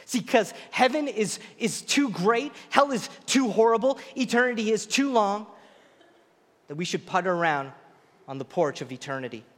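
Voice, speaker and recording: A man's voice: high voice, lively intonation, moderate pace, fairly bright tone, long reverb tail. A male pastor preaching a sermon in an earnest, emphatic way that leans on repetition.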